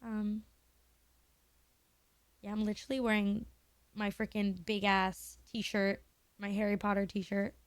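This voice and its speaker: Young woman streaming, emotional and candid, dry close sound, medium pitch. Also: little pitch movement, takes it slowly, long pauses, no echo. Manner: emotional, candid, swears casually. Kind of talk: casual chat to live stream viewers.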